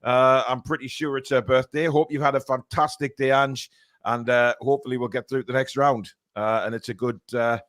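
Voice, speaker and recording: A man's voice: medium pitch, steady tone, moderate pace, a bit bright, no room sound, studio quality. A man from England hosting a live football fan stream, chatting casually with many fillers and reading out viewer comments.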